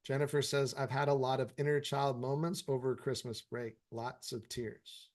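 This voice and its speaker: A man's voice: medium pitch, level tone, normal speed. Man, meditation teacher, informal live Q&A, blunt and profane but encouraging. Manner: frank, profanity-laced, encouraging. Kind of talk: casual live Q&A, reading viewer comments.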